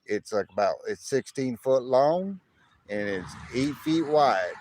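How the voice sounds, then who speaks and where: A man doing a loud folksy West Texas drawl. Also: medium pitch, lively intonation, slow pace, a little hiss or hum. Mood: folksy boasting. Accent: put-on West Texas drawl. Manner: drawling, loud, pointing things out. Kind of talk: livestream impression.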